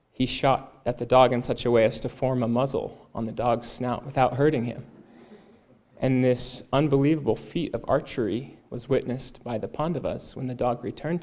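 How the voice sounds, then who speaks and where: Man, mellow and even-toned, calm earnest sermon storyteller. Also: mid-range voice. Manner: calm, earnest retelling of a devotional tale. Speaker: speaker at a Sunday service.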